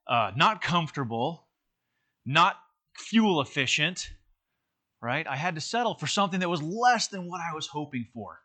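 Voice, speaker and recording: A man's voice: fairly high pitch, sing-song, normal speed, pushed and bright. A man teaching an interactive church lesson in a conversational way, with many fillers and restarts.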